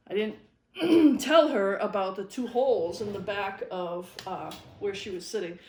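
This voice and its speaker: A woman tells an old guiding story in a relaxed, wry, chuckling way, sitting at her tying bench. Her voice sits at an ordinary middle pitch. The room is echoey, with a faint hiss under her voice. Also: unhurried. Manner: easygoing anecdotal telling, wry and chuckling. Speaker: fly-tying video host and former fishing guide. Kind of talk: casual storytelling while tying flies.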